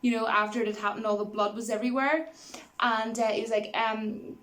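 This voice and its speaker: A woman's voice: fairly high pitch, fairly even intonation, quick pace, fairly bright tone. A woman giving a casual spoken movie review, rambling with many fillers and laughing easily as she retells scenes.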